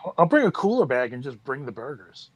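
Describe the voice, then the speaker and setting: A man's voice: medium pitch, big pitch swings, a little fast, no echo. A man from Queens with a New York accent calling into a talk show, stammering as he chats. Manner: stammering, friendly. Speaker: caller. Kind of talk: casual chat.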